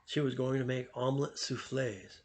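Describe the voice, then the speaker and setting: A man reading a story aloud as a storyteller, with steady, even narration. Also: medium pitch, normal speed.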